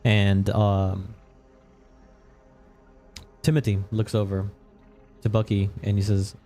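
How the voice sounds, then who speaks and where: Male game master, low voice, easygoing and halting delivery. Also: faint music behind. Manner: relaxed, laughs often, halting with ums. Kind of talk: narrating a tabletop game and voicing characters.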